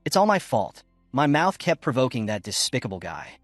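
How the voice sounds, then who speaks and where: Male narrator voicing a feisty elderly woman, scolding and fearless, lively delivery. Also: mid-range voice, normal speed, no room sound, faint music behind. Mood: remorseful. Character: feisty old woman refugee, blunt and fearless.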